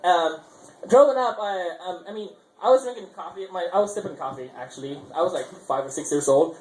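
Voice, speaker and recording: High-voiced man doing rambling stand-up. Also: fast. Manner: rambling, self-correcting, chuckling at his own jokes. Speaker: stand-up comedian. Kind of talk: open mic stand-up. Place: small open mic venue. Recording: roomy live venue sound.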